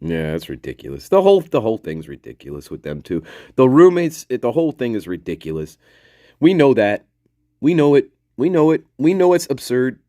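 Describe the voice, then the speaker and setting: A man's voice: medium pitch, huge pitch swings, a little fast, dark tone, no room sound, studio quality. A man hosting a casual live discussion, rambling, repeating himself and swearing freely. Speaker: livestream host.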